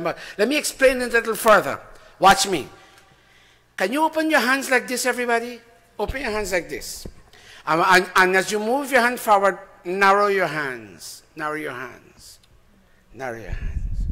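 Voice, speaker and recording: A man preaching a sermon, emphatic and animated, swinging from loud to soft. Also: high-pitched. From Guyana. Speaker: spiritual teacher.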